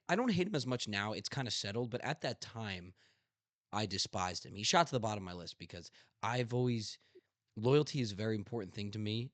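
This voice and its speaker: Passionate young man hosting, low dry voice. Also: a bit bright, no echo. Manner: emphatic, passionate storyteller who swears freely. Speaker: podcast host. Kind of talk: casual chat.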